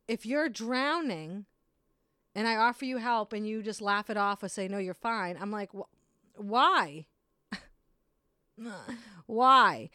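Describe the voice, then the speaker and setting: A woman's voice: medium pitch, no room sound, studio quality. Blunt, frank woman ranting. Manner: blunt, frank, swears freely. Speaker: podcast host. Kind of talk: casual solo rant.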